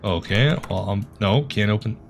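A gaming video host does let's play commentary of a horror game, jumpy and nervously joking, swearing and yelping at the scares. His lowish, gravelly voice moves at a moderate pace over background noise.

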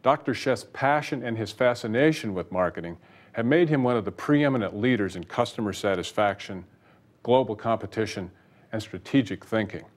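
A man's voice: fairly low pitch, normal speed. A male host and moderator giving a formal, scripted introduction to a lecture series.

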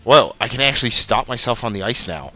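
A man's voice: mid-range voice, animated, a little fast, sharp tone, faint music behind. A young man casually commenting while he plays a video game, chatty and muttering at the game. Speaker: let's play host.

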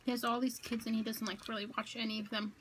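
A woman's voice: on the high side, level tone, fast talker, background noise. A young woman chatting casually to her viewers at home in an eat-with-me vlog, rambling with fillers and correcting herself as she goes. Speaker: vlogger. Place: home, indoors.

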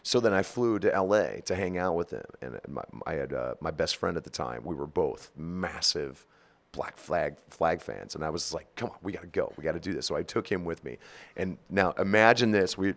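A man in his forties, the guest of an interview, telling stories in an animated, profane way with frequent laughter. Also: low voice. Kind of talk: storytelling interview.

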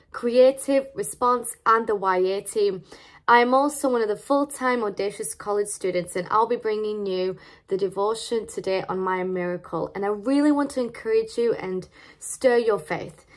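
A young adult woman from Serbia, giving a devotional talk to her church in an expressive, animated storytelling manner. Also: mid-range voice. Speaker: church team member and college student.

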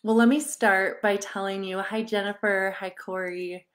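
Thirties woman parenting coach on a webcam, chatty storyteller, laughs a lot, does lively voices for quotes. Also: medium pitch, normal speed. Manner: acts out quoted dialogue in animated voices. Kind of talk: live online parenting workshop.

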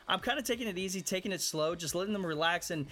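A man commenting on his own video game match, swinging between low muttering and loud shouts at the other players. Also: fast, noisy background. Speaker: gaming YouTuber hosting hide and seek. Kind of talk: excited gameplay commentary.

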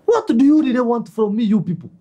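A man's voice: extremely high pitch, lively intonation, fast, dark tone. A man with a Kenyan accent playing a touchy, sarcastic male college student who puts on pompous airs. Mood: indignant. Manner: sarcastic, pompous, easily offended. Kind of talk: web series acting.

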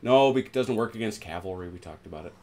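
A man hosting a tabletop wargame session, chatting casually as he plays, counting dice aloud and breaking into excited exclamations. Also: lowish voice, fast talker, slight background noise. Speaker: host, tabletop wargame player. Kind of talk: casual play-by-play while gaming. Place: home, at a game table.

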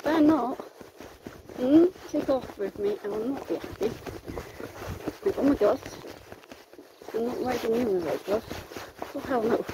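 Woman rider, high voice, slow unhurried commands, noisy outdoor ride, coaxing a pony. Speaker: horse rider and vlogger. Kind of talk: talking to her pony while riding. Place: outdoors on a road, riding a pony.

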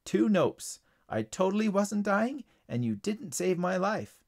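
A self-assured young schoolgirl in a storybook, lifted higher in pitch and delivered matter-of-factly, as a man puts her on. The inflection moves around a lot, with a gravelly texture. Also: sing-song, unhurried, full character voice. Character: confident, truthful young schoolgirl. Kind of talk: storybook reading.

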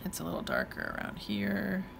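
Over a noisy background, a woman talks along with her watercolor demonstration, casual and playful, thinking aloud as she paints. Her medium-pitched voice has vocal fry and huge pitch swings, at a normal speed.

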